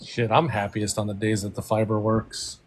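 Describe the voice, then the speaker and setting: A man's voice: lowish voice, level tone, normal speed. A man from Rhode Island chatting on a video call, ranting and swearing constantly in casual talk. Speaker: group chat participant.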